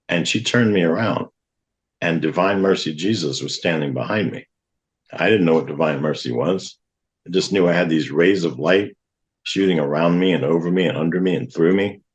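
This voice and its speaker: A man's voice: low voice, moderate pace. A middle-aged man, a guest on a talk show, earnestly telling a personal testimony and acting out what others said. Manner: earnest, vivid retelling with acted-out quotes.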